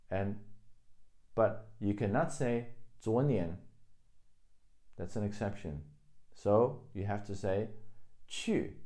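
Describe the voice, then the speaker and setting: A male teacher walks through a grammar lesson at an unhurried, deliberate pace. His voice sits fairly low and has a mellow, dark tone. He is patient and repeats every example so it sinks in. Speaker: language teacher. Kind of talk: explaining grammar in a video lesson.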